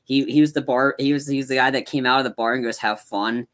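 A man on a live-streamed podcast, talking casually and rambling about movies, acting out scenes with excitement. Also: medium pitch, racing. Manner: rambling, animated, acts out movie lines. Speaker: podcast co-host.

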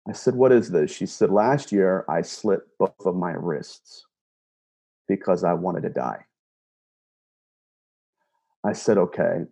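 With long pauses and a slow pace, a man who says he's an empath tells a personal story in a low, gravelly voice that is dark-toned and breathy at the edges. He recounts a conversation line by line, earnestly and casually, repeating words and restarting a lot.

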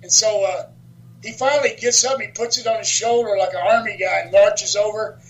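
A man with a notably high voice spins old stories in a loose, chatty way. He laughs through his own punchlines and swears without a second thought. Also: fairly quick, lo-fi sound. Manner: animated storyteller, laughs often, swears freely. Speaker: wrestler and author, guest. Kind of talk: casual storytelling interview.

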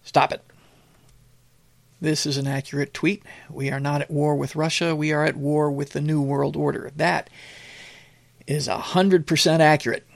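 An older man with a gravelly, slightly raised voice talks through casual commentary, stopping and starting with fillers along the way. He is blunt and opinionated. The sound is dry and close, with no room around it. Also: fairly high pitch, level tone, no echo. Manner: rambling, halting with many fillers. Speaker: commentary show host.

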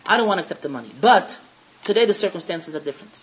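A woman's lecture voice for a poor, pious father, lowered and earnest. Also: animated, very fast, close to an everyday voice. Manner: earnest, pleading, repeats himself. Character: proud poor father, devout and stubborn.

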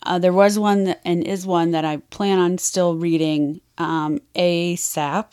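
Here a woman co-hosting a podcast talks openly about romance books, laughing frequently and using lots of fillers. Her voice is fairly low and smooth with a darkish tone, and her intonation stays fairly even at an unhurried pace.

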